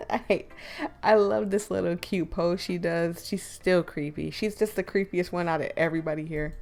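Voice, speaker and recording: A woman's voice: mid-range voice, normal speed, vocal fry, a little mellow, faint music behind. A young woman streamer making joking, self-deprecating asides over a game, her voice a little worn. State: slightly losing her voice. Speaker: gaming streamer. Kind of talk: casual let's-play commentary.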